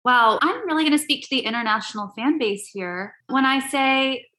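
Upbeat woman improviser, bright voice, echoey room mic. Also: high-pitched, lively intonation, moderate pace. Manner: upbeat, laughs often, warm about her group. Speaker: improv theater member, guest. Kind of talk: casual interview.

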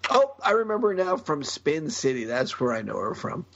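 A man co-hosting a casual comics podcast, jokey and animated, laughing often. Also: on the high side, normal speed, gravelly, dry recording, muffled recording. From United States. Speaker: podcast co-host. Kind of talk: casual chat about comics.

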